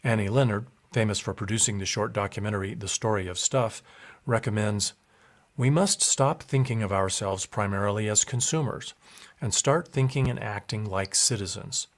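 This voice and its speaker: A man delivering a prepared campaign speech as a presidential candidate, in a measured, deliberate way. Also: on the low side.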